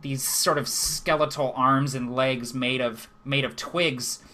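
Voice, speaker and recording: A young man with a bright, forceful voice narrates a tabletop fantasy game as its game master. His telling is vivid but halting, full of fillers and repeated words. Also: mid-range voice, fairly even intonation. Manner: descriptive, hesitant with fillers and repeats.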